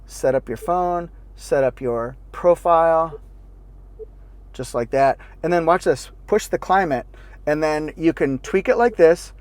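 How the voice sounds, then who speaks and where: A fairly high-voiced man talks through a car review from the driver's seat of a parked car. He's upbeat and playful, throwing in goofy little sound effects as he goes. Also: a little slow, dry recording. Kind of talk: casual car review walkthrough. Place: inside a parked car with the engine and air running.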